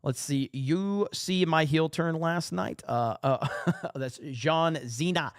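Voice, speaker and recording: A man's voice: on the high side, slow, dry recording, studio quality. Emphatic man hosting a livestream. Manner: profane, emphatic, repeats himself; reads chat comments aloud. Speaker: podcast host. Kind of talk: casual livestream commentary.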